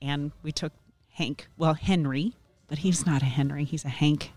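A woman's voice: low-pitched, fairly even intonation, normal speed, a little mellow, soft background music. A middle-aged woman who is a guest in an interview, telling a story casually, with a sarcastic streak and plenty of ums. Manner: sarcastic, chatty with frequent ums.

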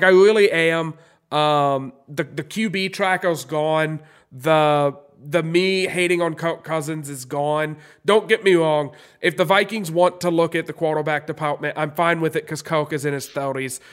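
Man, sports podcast co-host, stuffy nose, slightly high voice, rambling and excitable. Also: normal speed, few pauses, clean tone. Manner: rambling, excitable, many restarts. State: congested from a cold. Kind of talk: casual sports chat.

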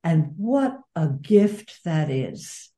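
A woman's voice: sits low, very animated, very slow, mellow. A woman guest in an interview, talking in an earnest, reflective way. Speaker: guest author and advocate. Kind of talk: interview conversation.

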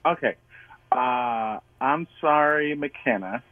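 A man's voice: medium pitch, slow pace, no room sound, faint music behind. A man on a phone call, defensive and exasperated, swearing as he gets pranked. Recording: dull phone line.

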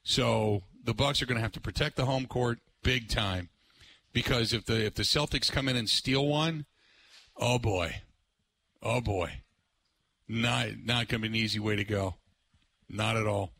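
A man hosting live sports talk radio from a remote broadcast, rambling with lots of fillers and bursts of excitement. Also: fairly low pitch, a little slow, creaky, pauses often.

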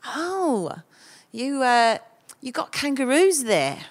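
Woman doing a clueless English agency lady, higher-pitched, stubbornly repeating herself. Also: big pitch swings, slow pace, exaggerated voice. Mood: muddled. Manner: confused, insistent repetition.

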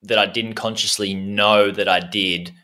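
An Australian man hosting a podcast, talking in a relaxed, chatty way with local slang. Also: fairly low pitch, unhurried. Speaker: podcast host. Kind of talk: casual podcast interview.

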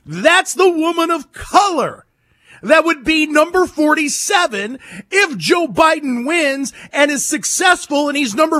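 A man's voice: extremely high pitch, pushed and bright. A man hosting a political talk radio show, emphatic and mocking, who repeats his points and hammers them home.

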